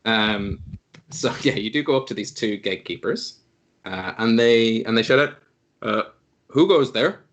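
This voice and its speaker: A man's voice: on the low side, normal speed, fairly bright tone, slight background noise. A man running a tabletop game as game master, rambling and joking and tripping over his words. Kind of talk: casual tabletop game narration.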